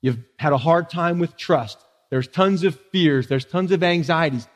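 Male pastor, high voice, casual preaching with rhetorical questions, long echo of a church hall. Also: a little slow. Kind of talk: sermon. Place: church sanctuary.

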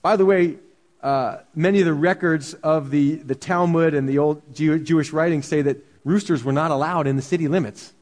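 A man's voice: on the high side, steady tone, moderate pace, a little mellow, long reverb tail. A man preaching a sermon as pastor, earnest and full of rhetorical questions.

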